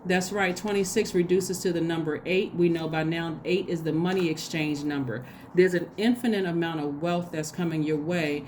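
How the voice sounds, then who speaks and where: A woman giving a casual spoken tarot reading, chatty and excitable, talking straight to her viewers. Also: fairly low pitch, normal speed, hardly any pauses, a little hiss or hum. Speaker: tarot reader.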